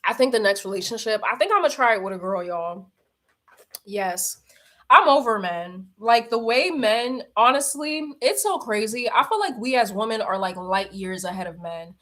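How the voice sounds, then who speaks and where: A woman's voice: a little high, lively intonation, normal speed, fairly bright tone. A young woman hosting a livestream, chatting candidly with viewers in slangy talk and laughing often. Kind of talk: casual chat.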